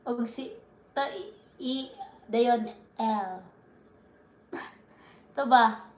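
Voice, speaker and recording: A young woman with a Cebuano Filipino accent hosts a casual live stream, giggling and reading comments aloud. Her voice sits high, and she speaks in a very slow, drawn-out way. The sound carries an echo from the room. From Philippines. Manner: giggly, playful, mixes in local words.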